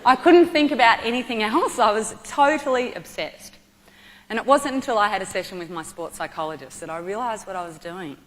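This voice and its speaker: A woman with an Australian accent telling a personal story to an audience, animated and vivid. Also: mid-range voice, fairly quick. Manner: lively, animated storytelling with acted-out quotes. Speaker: motivational speaker. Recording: long hall reverb.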